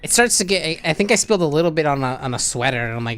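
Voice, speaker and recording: A man, a podcast co-host, telling an anecdote in casual chat, animated and swearing often. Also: on the high side, racing.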